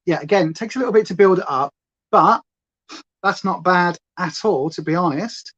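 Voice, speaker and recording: A woman's voice: on the low side, normal speed, a bit bright, breathy edge. A woman hosting a chatty makeup livestream, rambling playfully and reading chat aloud. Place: at home. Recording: slightly dull lo-fi sound.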